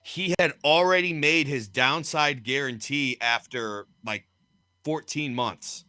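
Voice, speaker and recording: A man's voice: mid-range voice, slow, sharp tone, clear, resonant tone, no room sound, clean studio sound. A man co-hosting a podcast, telling blunt, profanity-laced stories in casual chat. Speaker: podcast co-host and wrestler.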